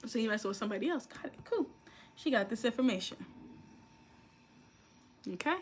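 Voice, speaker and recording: Young woman rambling through a reality tv recap, kinda high voice, laughing and doing everyone's lines. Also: a little fast, slight background noise. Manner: animated storytelling, acting out quotes, frequent laughter. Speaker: commentary vlogger.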